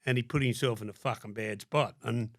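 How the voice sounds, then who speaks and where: An older Sydney man with an Australian accent guests on a podcast, telling casual stories bluntly, swearing heavily and acting out quoted dialogue. His medium-pitched voice is steady and brisk, recorded clean in a studio with no room sound.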